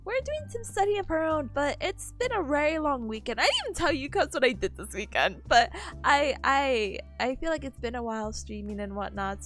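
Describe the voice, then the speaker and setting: Young female streamer, high and lively, giggly, slightly nasal and worn, faint music underneath. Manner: bubbly, giggly, greets chat warmly. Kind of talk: casual live-stream chat.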